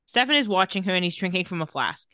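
A woman with a bright, forceful voice and a fairly low pitch, chatting on a podcast. She retells scenes with animation and laughs often. The sound is dry and close. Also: animated, fast, no room sound. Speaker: podcast co-host recapping a TV episode. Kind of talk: casual chat, retelling scenes.

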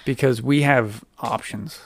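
A man's voice: mid-range voice, fairly even intonation, a little slow, vocal fry. A man hosting a podcast, chatting casually and joking with his wife. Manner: joking, playful. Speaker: podcast host. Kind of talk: casual chat.

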